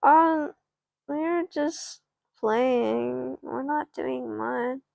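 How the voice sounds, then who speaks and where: A woman's voice: fairly high pitch, lively intonation, a little slow, creaky, a little mellow, dry recording, heavily acted. A woman voicing a cheeky little brother in a doll play story. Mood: timid. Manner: teasing, timid when scolded. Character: scrappy cheeky little boy.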